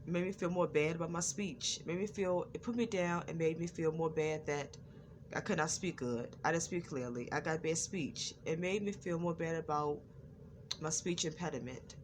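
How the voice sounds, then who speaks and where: A woman's voice: low voice, moderate pace, a little hiss or hum. A woman vlogger talking to her viewers, stuttering at times and repeating words and phrases in an earnest, preachy way. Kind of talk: personal talk to camera.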